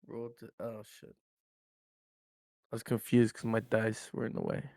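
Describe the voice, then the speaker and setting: A man playing a tabletop game in character, speaking in a slow drawl. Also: on the low side, completely flat delivery, darkish tone, no room sound, clean studio sound. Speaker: player.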